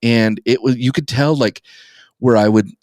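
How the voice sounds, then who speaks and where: A man's voice: mid-range voice, steady tone, normal speed, darkish tone, dry recording, studio quality. A man co-hosting a podcast, telling a rambling story in a casual chat and laughing at himself as he goes. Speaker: podcast co-host.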